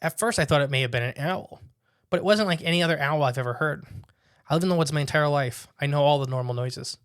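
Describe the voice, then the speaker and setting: A man's voice: fairly high pitch, fast, smooth, dry recording, studio quality. A young man hosting a casual podcast, telling stories with animation and reading listener accounts aloud. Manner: animated storyteller, laughs while telling. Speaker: podcast host.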